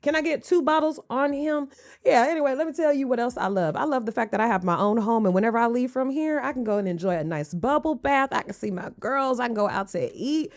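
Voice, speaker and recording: A woman with a somewhat high voice hosts a casual storytime commentary. She is blunt and sassy and swears freely. She also slips into sarcastic joking asides. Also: expressive, fast. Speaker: host reacting to a clip.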